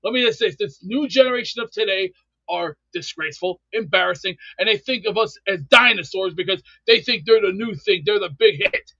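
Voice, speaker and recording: Blustering high-voiced man on a dull line. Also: fairly quick, bright, forceful tone, dry recording. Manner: grumpy, blustering, repeats himself. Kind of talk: ranting call-in banter.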